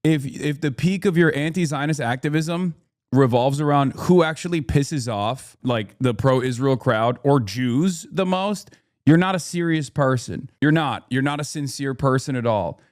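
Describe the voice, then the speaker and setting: A man ranting on his live stream, heated and profane, swinging between loud outbursts and low mutters. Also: measured pace.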